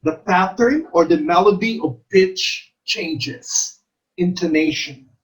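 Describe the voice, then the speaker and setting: Middle-aged male teacher, unhurried, repeats key terms. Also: sits high, poor audio. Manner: explains slowly, repeats terms and stresses syllables. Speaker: exam review teacher. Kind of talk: teacher-exam coaching lecture.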